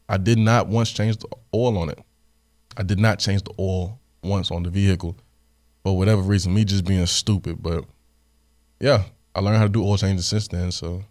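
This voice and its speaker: Deep-voiced young man telling a story. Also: no echo, studio quality. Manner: animated, sarcastic, laughs often. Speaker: podcast host. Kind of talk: casual storytelling and Q&A.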